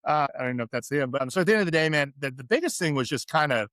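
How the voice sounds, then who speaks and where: A middle-aged man from California, a podcast guest and former pro athlete, telling candid stories in an animated, chatty way. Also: on the high side, very fast, dry recording, clean studio sound. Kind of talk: interview storytelling.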